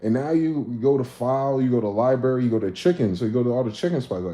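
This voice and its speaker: A man casually riffing on a livestream, profane and animated, acting out both sides of conversations. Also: medium pitch, quick pace, hardly any pauses. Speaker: livestream host. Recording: echoey room with faint ambient noise.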